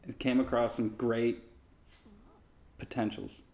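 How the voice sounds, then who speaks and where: A man co-hosting a podcast, chatting casually and explaining things in a relaxed way. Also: mid-range voice, slow. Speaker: podcast co-host. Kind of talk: casual chat.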